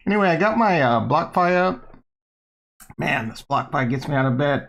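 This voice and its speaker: A middle-aged man hosts a casual livestream, bantering with his viewers. His voice sits a little high for a man, and he talks in a hyped, playful, rambling way. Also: lively intonation, normal speed, a bit bright. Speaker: livestream host.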